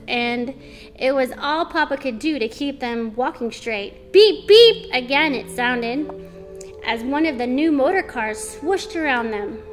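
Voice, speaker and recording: A woman reading a children's chapter book aloud in an expressive storytelling way. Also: high-pitched. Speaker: story reader.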